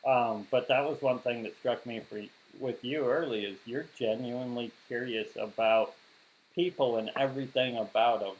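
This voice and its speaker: A man from Western South Dakota in a casual podcast chat, thoughtful and halting, restarting his sentences. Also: mid-range voice, steady tone, lo-fi sound, slight background noise.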